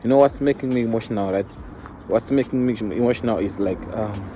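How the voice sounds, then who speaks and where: A man's voice: medium pitch, fairly quick, dark tone, a little hiss or hum. A young man with a Zimbabwean accent, chatting loosely to camera in a casual vlog and mixing in Shona phrases. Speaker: vlogger. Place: outdoors in a town centre.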